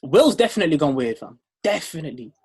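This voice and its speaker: Young male co-host, raspy and a bit high, easy slangy banter. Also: big pitch swings, fast, darkish tone. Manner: laid-back, laughs often, slang-heavy. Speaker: podcast co-host. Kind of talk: casual chat.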